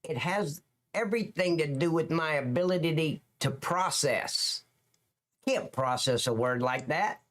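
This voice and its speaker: A man's voice: fairly high pitch, a little slow, fairly bright tone. A man with a Southern Alabama accent, hosting a livestream in a joking, rambling way and talking to his chat viewers by name. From lower Alabama, US. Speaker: livestream host.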